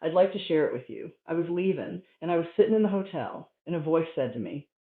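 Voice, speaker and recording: A man doing a stand-up routine, telling stories in a profane, animated way. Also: on the high side, quick pace. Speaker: stand-up comedian. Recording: tinny, roomy live recording.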